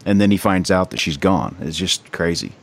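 Very deep-voiced man in casual chat. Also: moderate pace.

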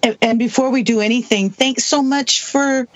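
A person in their sixties from the US Southwest, telling a personal story as an interview guest, halting, with many restarts and asides. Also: medium pitch, steady tone, dry recording. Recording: dull lo-fi dry recording.

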